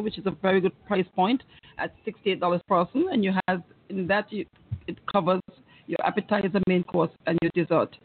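A woman with an Anguillan accent, a restaurant manager guest, speaking hesitantly with many halts. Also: lowish voice. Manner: hesitant, halting. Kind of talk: casual interview chat. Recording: tinny phone-like radio sound.

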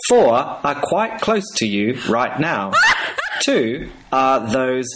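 A man's voice: medium pitch, very animated, slow, very noisy. A man putting on a mock-formal Australian Siri assistant voice in a joking voicemail. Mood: deadpan teasing. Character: cheeky male Siri assistant voice. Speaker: listener voicemail caller.

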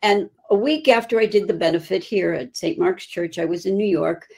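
An older woman, a guest performer, telling lively anecdotes in a casual chat. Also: fairly low pitch, fairly quick, gravelly, slightly rough.

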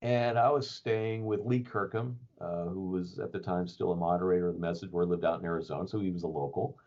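A man's voice: low-pitched, fairly even intonation, brisk, darkish tone. A man telling a story in a casual, rambling way, with lots of fillers and chuckles. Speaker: podcast guest telling a story. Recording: dull lo-fi recording.

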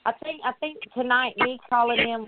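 Soft woman caller on a phone line. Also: a little high, a little fast. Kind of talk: casual phone conversation. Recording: tinny phone line with clear hiss.

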